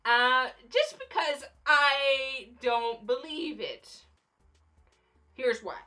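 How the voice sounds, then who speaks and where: A woman's voice: sits high, extremely slow, bright, forceful tone, soft background music. A young woman vlogging casual movie commentary, chatty and playfully sarcastic. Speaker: YouTube vlogger.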